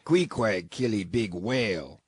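A man voicing a proud tattooed harpooneer who speaks slow, broken English. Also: on the low side, expressive, husky, dry recording, studio quality. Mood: disdainful. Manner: slow, broken pidgin speech.

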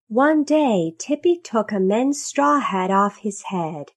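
A woman reading a children's story aloud in a slow, expressive, sing-song manner. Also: medium pitch.

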